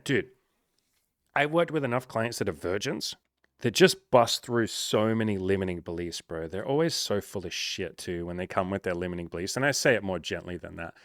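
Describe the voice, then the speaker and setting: Low-voiced guy in his 30s, swears a lot, gets loud and pumped up, dry close mic. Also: no room sound. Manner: swears often, loud bursts of hype, calls listener bro. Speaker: dating coach. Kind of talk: blunt motivational advice to a viewer. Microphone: home microphone.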